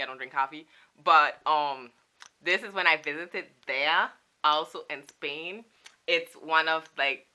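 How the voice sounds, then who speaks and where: A woman's voice: deep voice, pushed and bright. A young woman from Saint Martin, chatting casually and playfully with laughing asides as a vlogger showing her souvenir collection. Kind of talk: casual chat.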